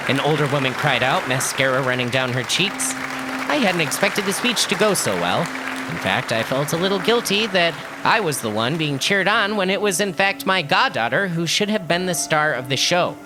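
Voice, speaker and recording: A man narrating a first-person story with a lively voice that swoops up and down through every sentence. His pitch sits in the middle of the male range. Music plays clearly beneath the reading. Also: moderate pace, over a noisy crowd. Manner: expressive, animated storytelling. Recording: music playing underneath.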